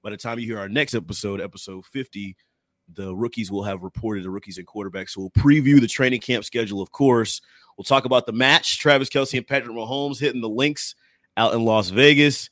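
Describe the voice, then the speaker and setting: A man's voice: mid-range voice, a little fast, fairly bright tone, dry recording, clean studio sound. A man hosting a sports podcast, chatting casually and laughing easily with his co-host.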